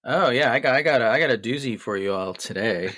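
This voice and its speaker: A man's voice: medium pitch, lively intonation, fast, pushed and bright, no echo. Jokey man on a podcast, dry sound. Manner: jokey, rambling, with frequent fillers. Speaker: podcast cohost. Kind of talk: casual film podcast chat and comic synopsis reading.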